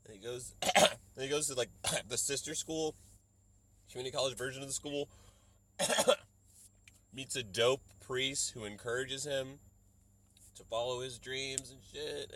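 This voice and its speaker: Bright-voiced man ranting on his podcast. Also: medium pitch. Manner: rambling and profane, slipping into mock voices for quotes. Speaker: podcast host. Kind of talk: solo comedic podcast rant.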